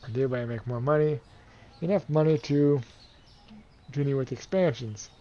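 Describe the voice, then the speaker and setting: A man's voice: mid-range voice, moderate pace, long pauses, lo-fi sound, background noise. A man giving playful, casual commentary over a game, counting and thinking aloud to himself while he keeps yawning. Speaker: let's play gamer.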